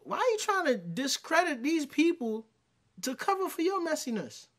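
Animated, bright-voiced man ranting at a clip. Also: very high-pitched, normal speed. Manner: exasperated, slangy, talks back at the clip. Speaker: reaction commentator. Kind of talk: casual reaction commentary.

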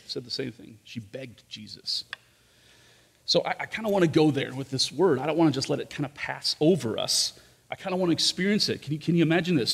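A man's voice: mid-range voice, gravelly, breathy edge. A man preaching a sermon as pastor, talking conversationally with rhetorical questions and frequent asides to the congregation. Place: church service in a large room. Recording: long reverb of a large hall.

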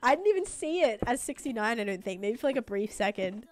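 A woman's voice: fairly high pitch, very animated, fast talker. A young woman streaming a game live, chatting casually and giggling often, with lots of fillers. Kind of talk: casual live-stream chat while gaming.

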